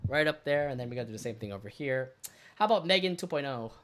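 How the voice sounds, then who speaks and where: A man co-hosting a podcast in casual chat, rambling and excitable with lots of fillers. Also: medium pitch, fast talker. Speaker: podcast co-host.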